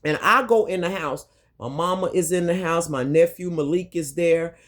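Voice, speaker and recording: A woman's voice: on the low side, normal speed. A woman recounts a personal story to her viewers in a candid storytime monologue. She speaks directly to the audience and swears freely. She circles back and repeats her points for emphasis. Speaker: vlogger.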